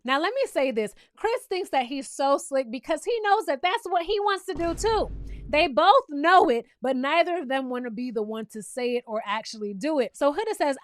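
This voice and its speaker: Sassy high-voiced woman recapping. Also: animated, moderate pace, dry recording, studio quality. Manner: sassy, blunt, teasing. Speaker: reality TV recap host. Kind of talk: casual opinionated recap.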